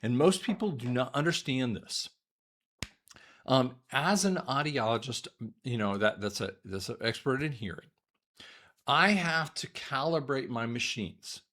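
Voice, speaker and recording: A man, an audiologist, giving a rambling monologue commentary to his viewers, often repeating words, restarting sentences and clearing his throat. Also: mid-range voice, lively intonation, a little slow, fairly bright tone.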